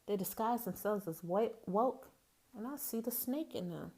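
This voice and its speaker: A woman's voice: medium pitch, lively intonation, normal speed, mellow. A woman from Mississippi with a Southern accent, speaking in a candid, folksy personal monologue as a podcast host who calls her listeners "baby".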